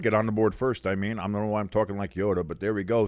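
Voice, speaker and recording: A man's voice: fairly low pitch, fairly even intonation, fast, few pauses, a little mellow, no echo. Casting: male streamer-host, rambling and profane, casual game calls, dry close sound. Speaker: watch-along streamer and host. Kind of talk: casual live game commentary.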